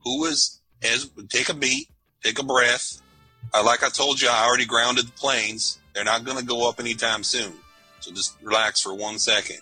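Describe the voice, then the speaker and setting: Man player in character, very bright husky voice, halting casual drawl. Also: medium pitch, steady tone, faint music behind, low-quality recording. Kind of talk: in-character tabletop play.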